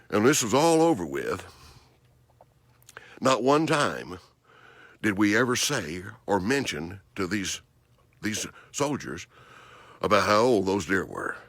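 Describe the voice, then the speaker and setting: A man hosting a hunting show, telling a story in an animated, emphatic way with frequent restarts. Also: sits low, unhurried, no room sound. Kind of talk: storytelling monologue.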